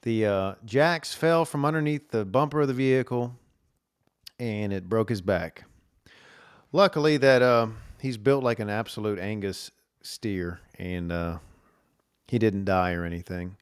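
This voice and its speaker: A man's voice: on the low side, measured pace, clean tone, dry recording, studio quality. A man hosting a solo podcast, telling stories in a rambling way with lots of fillers and restarts. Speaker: podcast host. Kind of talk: casual solo podcast monologue. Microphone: camera recording at a desk.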